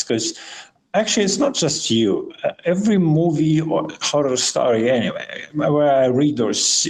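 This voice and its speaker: A man's voice: medium pitch, darkish tone, rough recording. Hesitant man. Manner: hesitant, thoughtful, frequent restarts. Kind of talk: casual chat.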